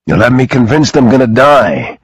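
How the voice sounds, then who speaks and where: A man voicing a gruff, wounded tough man who speaks in a pained, gravelly way. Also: mid-range voice, big pitch swings, moderate pace, no echo, pitched above the performer's own voice.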